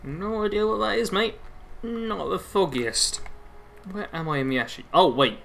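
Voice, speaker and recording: Chatty man, bright voice. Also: sits high, moderate pace, gravelly, a little hiss or hum. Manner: chatty, rambling, reads chat aloud. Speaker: gaming live streamer. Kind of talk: casual live stream chat. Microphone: headset.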